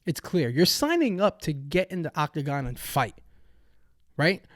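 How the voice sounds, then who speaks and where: A man's voice: on the high side, very animated, normal speed, no echo, studio quality. Fired-up young man ranting on a podcast. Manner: angry ranting, profane, many restarts. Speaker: podcast host. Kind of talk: heated sports-betting commentary.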